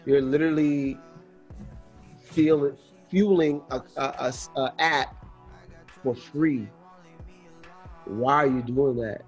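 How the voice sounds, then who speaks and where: A man's voice: mid-range voice, slow, pauses often, muffled recording, soft background music. A man, a comedian guest, telling anecdotes in a laid-back way and laughing often. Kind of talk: casual podcast chat.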